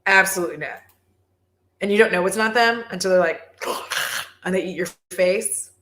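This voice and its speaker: A woman vlogger chatting casually on a livestream, animated, swearing and laughing often. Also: fairly low pitch, moderate pace, echoey room.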